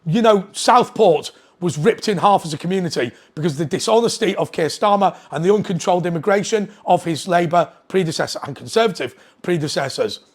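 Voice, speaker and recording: A man with a notably high-pitched voice delivers a political commentary straight to camera. He is indignant and keeps hammering his points with pointed rhetorical questions. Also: animated, a little fast, few pauses. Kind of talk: opinionated monologue to camera.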